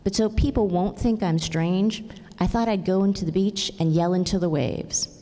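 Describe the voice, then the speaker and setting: A calm, encouraging carer from a children's storybook, as a woman reads her lines. The voice is low and warm, and a long hall reverb trails behind it. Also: moderate pace, lightly acted. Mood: coaxing. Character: caring, gently humorous female carer.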